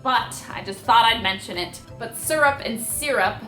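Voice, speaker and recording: A woman's voice: fairly high pitch, normal speed, sharp tone. A young woman vlogging in a casual, rambling way, goofy and self-mocking. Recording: echoey room with faint music.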